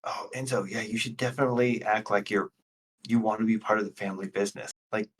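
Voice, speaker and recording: A talkative male tabletop player with a husky, slightly low voice. He sits back from the microphone, so he sounds somewhat distant. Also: steady tone, quick pace. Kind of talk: casual tabletop play. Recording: voice from far off the mic.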